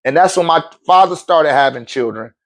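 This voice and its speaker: A man's voice: on the high side, expressive, normal speed, a bit bright. A middle-aged man in a laid-back, slangy storytelling monologue, chuckling often. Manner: laid-back slang, frequent chuckles, acts out quoted voices. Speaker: spiritual talk show host.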